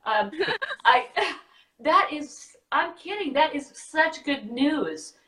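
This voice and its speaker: A woman interviewer gushes effusively and sounds teary. Her voice is high and swings up and down. She sounds far from the mic in a roomy space. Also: big pitch swings, takes it slowly, bright, forceful tone. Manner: gushing, effusive. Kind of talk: casual interview.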